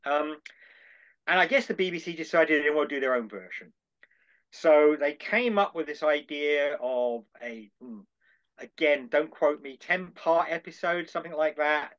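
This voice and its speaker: An older man, a podcast guest, tells a long anecdote in a slightly high voice that leaps around as he imitates the other people involved. His delivery is lively and theatrical. The call audio is dull and lo-fi. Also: normal speed. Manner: animated, acts out dialogue in voices. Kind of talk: anecdotal storytelling.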